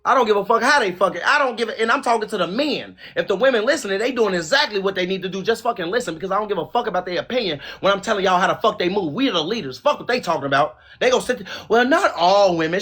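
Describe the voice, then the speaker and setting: A man's voice: sits high, animated, racing, hardly any pauses, bright, forceful tone, husky. A man hosting a podcast, ranting in a profane, aggressive and scornful way. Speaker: podcast host. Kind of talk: heated opinion rant.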